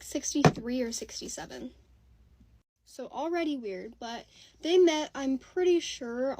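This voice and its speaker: A woman's voice: a little high, background noise. A woman telling a gossipy get-ready-with-me story in a chatty way, full of asides.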